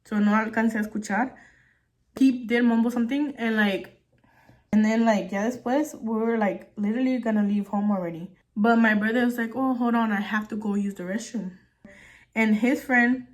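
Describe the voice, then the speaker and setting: A woman's voice: a little high, steady tone, a little fast, a little mellow. A young woman vlogging, telling a story while doing her makeup, chatty and full of fillers, swearing casually.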